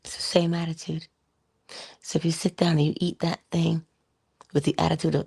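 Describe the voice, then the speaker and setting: Low gravelly motivational woman speaker. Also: flat delivery, fairly quick, darkish tone. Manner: conversational, asks rhetorical questions. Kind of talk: inspirational talk.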